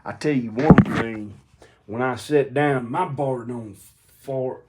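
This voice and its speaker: A man rambling through a silly comedic monologue, often breaking into high giggling fits. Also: slow pace, noisy background. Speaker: comedic video maker.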